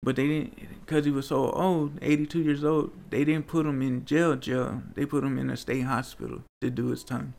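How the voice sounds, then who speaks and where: Gravelly man telling his story. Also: medium pitch, flat delivery, moderate pace, hardly any pauses, darkish tone. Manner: earnest, rambling, pleading. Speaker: interviewee. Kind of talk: personal storytelling interview.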